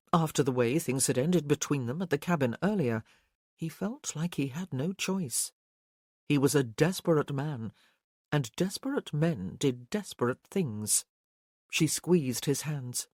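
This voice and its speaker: A woman narrating a historical romance audiobook in a steady, even storytelling voice. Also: low voice, dry recording, clean studio sound.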